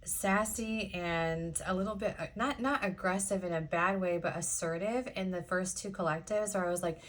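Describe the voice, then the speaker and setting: A woman's voice: medium pitch, fairly even intonation, normal speed, hardly any pauses, fairly bright tone. Chatty, sassy woman reading tarot. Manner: chatty, sassy, rambling with many fillers. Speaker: tarot reader. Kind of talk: casual pick-a-card tarot reading.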